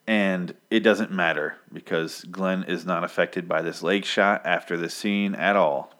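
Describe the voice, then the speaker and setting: A man's voice: low voice, fairly even intonation, measured pace, a bit bright. A man casually recapping a comic story in a profane, sarcastic way. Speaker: podcast host recapping a comic. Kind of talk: casual chat.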